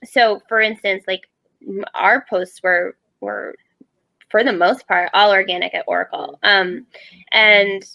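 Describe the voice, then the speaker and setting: A woman's voice: medium pitch, fairly even intonation, unhurried, creaky, dull audio. A woman guest in a casual panel chat, talking chattily and thinking aloud with lots of fillers.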